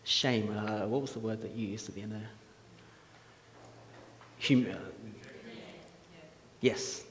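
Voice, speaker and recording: A man's voice: fairly low pitch, steady tone, slow pace, a little hiss or hum. A man preaching a casual sermon in a church hall, chatty and jokey, quizzing the audience with questions. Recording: echoey hall with faint ambience.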